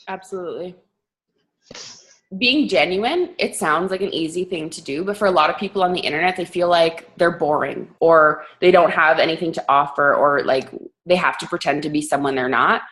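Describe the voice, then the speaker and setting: A young woman from Canada hosting a team coaching call, talking fast and casually with lots of fillers and a sarcastic edge. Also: sits low, fairly bright tone.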